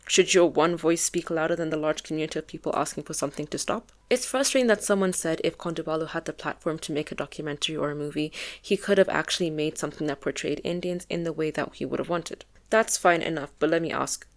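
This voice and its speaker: A young woman giving opinionated casual commentary as a video essayist, with lots of fillers. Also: low voice. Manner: opinionated, filler-heavy, conversational.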